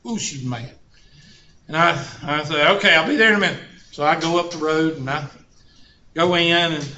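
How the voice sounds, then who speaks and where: Fairly high-pitched and sharp, this math teacher's voice moves at a normal speed through a classroom lecture full of folksy anecdotes and joking asides. The room sound is dull and roomy.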